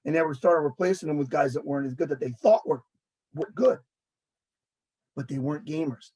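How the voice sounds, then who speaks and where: High husky ranting man. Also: brisk, low-quality recording. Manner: animated, ranting, mocking quotes. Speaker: sports talk show host. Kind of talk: casual sports chat.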